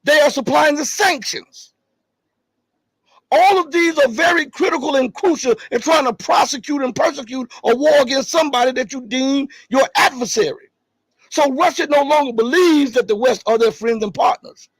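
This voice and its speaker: A man hosting a live stream, reading articles and viewer chat, pressing his points hard and then dropping low and casual. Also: fairly quick, dry recording. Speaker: livestream host.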